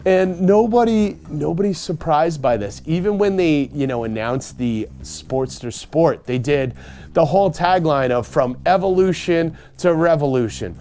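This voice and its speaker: A man with a high, gravelly voice rants about motorcycles to his viewers. He is sarcastic and animated, laughing often and mocking other riders. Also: unhurried, a little hiss or hum. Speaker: motorcycle vlogger. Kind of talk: ranting casual vlog.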